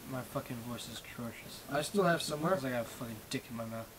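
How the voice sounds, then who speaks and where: A fast-talking man with a mid-range voice streams live through a webcam microphone, background noise audible. This Minecraft server staffer rambles and swears in a self-deprecating casual rant, with a slight speech impediment.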